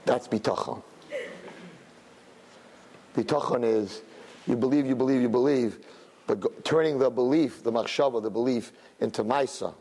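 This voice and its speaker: A man teaching a religious lesson through a story, talking in an animated way with many "you know" and "right?" asides. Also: normal speed, pauses often, husky. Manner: acts out crowd voices in high, loud bursts.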